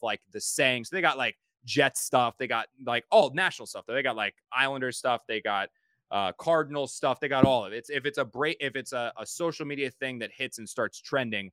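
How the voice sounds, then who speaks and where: Male podcast host, rapid rambling talker with a dry close sound. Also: mid-range voice, pushed and bright, dry recording. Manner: rambling storyteller who repeats words. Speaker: podcast host and sports reporter. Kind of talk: casual podcast chat.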